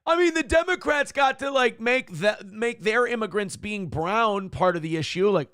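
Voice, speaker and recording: A man's voice: sits high, lively intonation, normal speed, creaky, fairly bright tone, dry recording, clean studio sound. A man hosting a casual live-stream talk show, reading donations and ranting with mocking impressions. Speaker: host.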